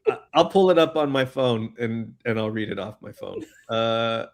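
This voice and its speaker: A man's voice: mid-range voice, expressive, moderate pace. A man hosting a casual livestream, greeting chat viewers and joking loosely, with frequent swearing. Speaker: livestream host reading chat.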